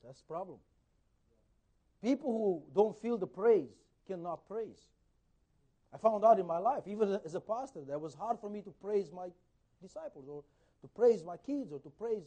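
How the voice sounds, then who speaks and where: A man preaching a conversational sermon as a pastor, swinging between loud emphasis and soft asides, sometimes acting out dialogue. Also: high-pitched, animated, moderate pace. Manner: acts out quoted dialogue.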